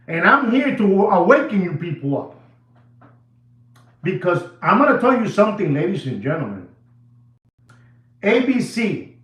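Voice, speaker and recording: A man's voice: high-pitched, fairly bright tone. A middle-aged man who deals in watches, giving a dramatic, theatrical rant to his viewers, recorded in an echoey room from a distance. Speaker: watch dealer. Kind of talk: ranting vlog to camera.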